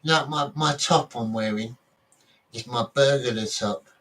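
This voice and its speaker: A man's voice: medium pitch, a little slow, a bit bright, far from the mic, low-quality recording. A man from Britain vlogging in a casual, rambling monologue, often correcting himself and swearing offhandedly.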